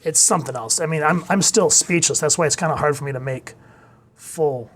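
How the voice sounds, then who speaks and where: A man giving a casual video review of a comic, retelling it excitedly with gasps and exclamations. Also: a little high, a little fast. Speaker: manga reviewer.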